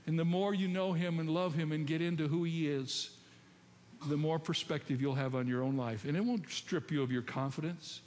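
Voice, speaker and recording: A man's voice: a little high, steady tone, moderate pace, a little mellow. A man preaching a sermon and telling stories, often putting questions to his congregation. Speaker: pastor. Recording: long hall reverb, faint ambience.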